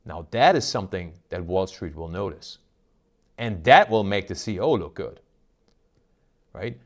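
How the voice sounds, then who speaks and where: A man's voice: deep voice, animated, unhurried. A man hosting an investment video, talking casually and emphatically, often tagging on rhetorical "right?" questions. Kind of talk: casual market commentary to camera.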